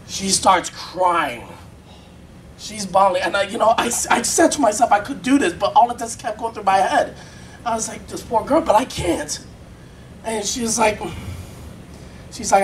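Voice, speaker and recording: A man's voice: very high voice, lively intonation, moderate pace, creaky, distant mic, a little hiss or hum. A man doing open-mic stand-up, telling a crude, rambling story and laughing at his own jokes. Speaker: stand-up comedian. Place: convention stage in front of an audience.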